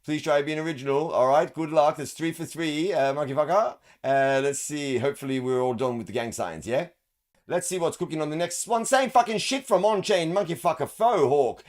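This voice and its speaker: Guy swearing nonstop, sarcastic mock advice, roasting pics on his show. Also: mid-range voice. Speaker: show host roasting event photos. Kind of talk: crude comedic commentary.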